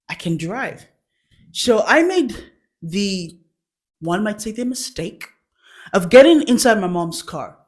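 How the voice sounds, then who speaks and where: Brief: young woman, stand-up comic, chatty storytelling broken by frequent laughter. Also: lowish voice. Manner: laughs often mid-sentence, animated acted quotes. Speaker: stand-up comedian.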